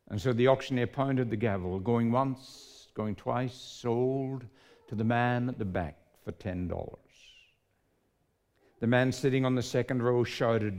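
A man preaching a sermon, telling a story dramatically and slowing for emphasis. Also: mid-range voice, darkish tone.

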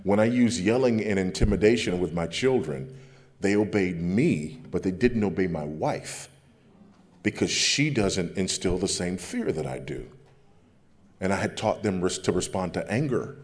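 A man preaching a sermon as pastor, with a big deep voice and an emphatic way of repeating phrases. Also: animated, normal speed, darkish tone.

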